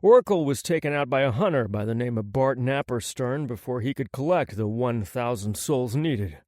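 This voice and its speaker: A man's voice: mid-range voice, lively intonation, moderate pace, a little mellow, no room sound, clean studio sound, natural voice. A male audiobook narrator voicing a confident demon hunter, firm and matter-of-fact. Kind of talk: audiobook character voice.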